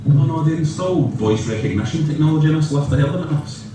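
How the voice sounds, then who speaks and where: Man doing an irate Scotsman yelling at a lift, comedy clip played back in an echoey hall, heard from far off. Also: on the high side, fast, background noise, close to an everyday voice. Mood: angry. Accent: Scottish. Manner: heated, yelling, laughing. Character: exasperated Scotsman stuck in a lift.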